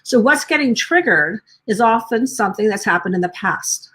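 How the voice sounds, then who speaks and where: Addressing parents over a live stream, this woman works as a parenting coach, speaking gently while asking many questions in a row. She frequently breaks off to restart or rephrase, and her slightly high voice is expressive at a normal speed.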